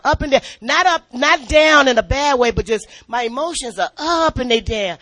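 A middle-aged woman preaching in a spirited, testimony-filled way, her voice forceful and bright. She talks with animated swings, laughs often and stumbles into repeated words as she builds up. Recorded close and dry, with no room sound. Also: high-pitched, moderate pace, hardly any pauses, no room sound. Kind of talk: spirited church testimony and sermon.

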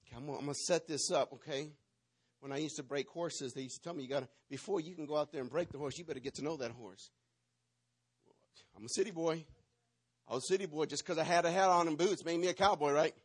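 A man's voice: fairly high pitch, lively intonation, a little fast, pauses often, husky. A man preaching a sermon, telling a playful, dramatic story and acting out the parts. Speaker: pastor.

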